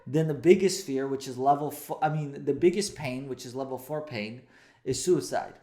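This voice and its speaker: A man's voice: medium pitch, normal speed, mellow. A man in his thirties, a coach, giving an emphatic motivational talk and repeating key phrases for stress.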